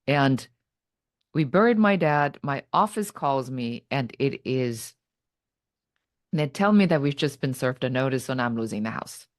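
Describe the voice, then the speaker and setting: A woman's voice: very deep voice, expressive, measured pace, no echo, clean studio sound. A middle-aged woman, a podcast guest who tells her story dramatically and acts out her own past thoughts. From Germany. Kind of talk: personal story told in conversation.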